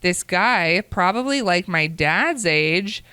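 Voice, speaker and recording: A woman's voice: on the low side, animated, takes it slowly, sharp tone, clean tone, no room sound. A woman co-hosting a casual chat show, reading submitted dating stories aloud, acting out the quotes and adding her own comments. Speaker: podcast co-host reading stories.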